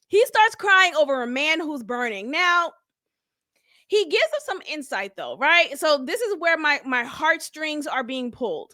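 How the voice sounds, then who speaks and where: A woman's voice: high voice, a little slow, no room sound, studio quality. A woman hosting a reality TV review, giving casual commentary with lots of jokes, laughter and swearing. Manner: animated and joking, laughs and swears freely. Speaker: host of a reality TV review channel.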